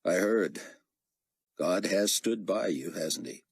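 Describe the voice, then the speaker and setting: A man voicing a calm, courteous captain who speaks in a measured way. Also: sits low, gravelly, breathy edge, dry recording, clean studio sound, heavily acted. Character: calm, steady American male captain.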